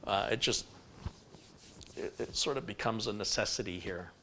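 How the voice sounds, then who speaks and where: A man's voice: low-pitched, fairly bright tone, slight background noise. A man hosting a PC-building live stream, rambling casually and reading viewer comments aloud. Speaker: PC building livestream host.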